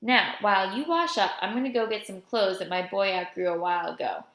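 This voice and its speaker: A caring mother figure with a quick scolding streak, read by a woman. She fusses over a thin boy and chides her joking father. The voice has a roomy ring around it. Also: medium pitch, fairly bright tone, close to an everyday voice. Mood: tender. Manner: fussing, indignant, then tender. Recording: roomy echo.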